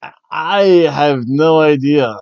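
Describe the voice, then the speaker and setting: A man's voice: on the high side, fairly even intonation, slow pace, vocal fry, no echo, dull audio. A man hosting a podcast, giving a casual, rambling recap of a wrestling show and chuckling often. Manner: rambling, chuckling, slightly awkward. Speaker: podcast host.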